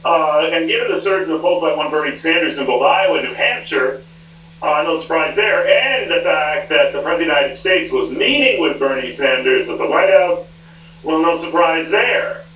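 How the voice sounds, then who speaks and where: A man's voice: fairly high pitch, expressive, normal speed. Wry man anchoring cable news. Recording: roomy, dull, distant TV audio with hum.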